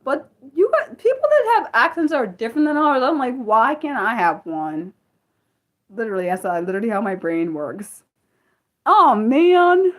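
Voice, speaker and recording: A young American woman hosting a casual livestream, excitable and apologetic, talking back to her chat with many restarts. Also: high voice, moderate pace. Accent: American, Maryland. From United States. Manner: excitable, apologetic, lots of restarts and self-corrections. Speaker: livestream host.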